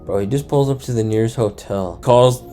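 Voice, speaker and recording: A man's voice: mid-range voice, brisk, warm tone, soft background music. A young man casually retelling a true crime story, slangy and profane, acting out the people he quotes. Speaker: storyteller host.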